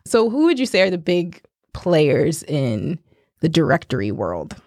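A man's voice: fairly high pitch, huge pitch swings, unhurried, darkish tone, no echo, studio quality. A podcast co-host in casual chat, teasing and joking with his partner.

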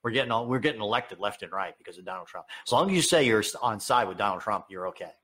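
A man giving an opinionated political rant, heated and sarcastic, with sudden high, emphatic outbursts. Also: lively intonation, quick pace, bright, forceful tone, slightly rough. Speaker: political commentator.

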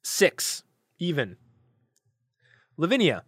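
A man's voice: fairly high pitch, wildly swooping pitch, takes it slowly, fairly bright tone, slightly rough, no echo. Rambling male game master, dry sound. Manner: loose and rambling, full of fillers like "kinda". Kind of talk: narrating a tabletop game.

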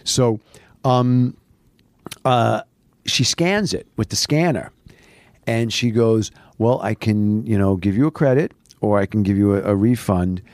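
A man telling a long story as a podcast guest, animated and full of restarts, recorded in a studio late at night. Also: on the low side, measured pace, no echo. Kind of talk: casual storytelling.

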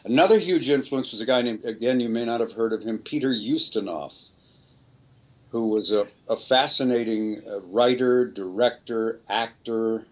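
An older man talks through his memories in a relaxed, meandering way as an interview guest. He pokes gentle fun at himself and circles back on his own words. His voice sits at an ordinary middle pitch for a man. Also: moderate pace. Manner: rambling, reflective, self-deprecating. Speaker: voice actor guest. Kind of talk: casual interview storytelling.

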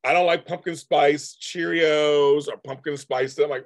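A man's voice: fairly high pitch, fairly even intonation, measured pace, few pauses, no echo. A man in his fifties hosting a live stream, chatting casually and rambling as he answers comments from viewers. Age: 50s.

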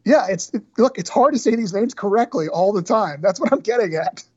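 An American man co-hosts a casual podcast chat with a playful, keen manner. His voice sits high for a man. The recording is a little dull and muffled. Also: animated, brisk, a little mellow, no echo. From United States. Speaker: podcast co-host.

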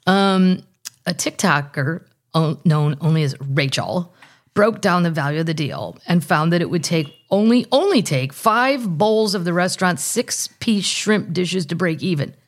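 A woman with a lowish voice hosts a casual comedy podcast. She reads news items aloud and keeps breaking off into jokey asides. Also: animated, a little slow. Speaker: podcast host.

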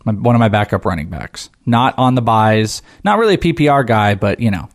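A man's voice: on the low side, lively intonation, fairly quick. Joking man chatting through a draft. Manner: joking, breaks into goofy voices. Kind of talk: casual chat during a fantasy football draft.

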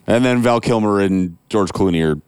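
A man's voice: on the low side, normal speed, darkish tone, clear, resonant tone, no room sound. A man co-hosting a podcast, chatting casually, rambling and swearing as he corrects himself. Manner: rambling, profane, self-correcting. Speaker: podcast co-host. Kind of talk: casual chat.

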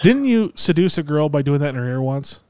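A man's voice: fairly high pitch, big pitch swings, a little fast, a little mellow, smooth, no room sound, studio quality. A man co-hosting a podcast over a video call, teasing his co-host in a wry, casual way and swearing freely.

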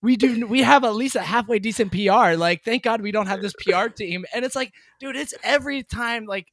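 Man, podcast guest, high-pitched, dry close sound, casual laughing chat. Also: brisk, fairly bright tone, dry recording. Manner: laughing, chatty, uses "like" a lot.

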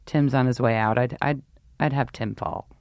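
A woman co-hosting a podcast, chatting casually about sports in an animated, jokey, trash-talking way. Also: rumbling low, moderate pace, gravelly, no room sound, clean studio sound. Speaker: podcast co-host.

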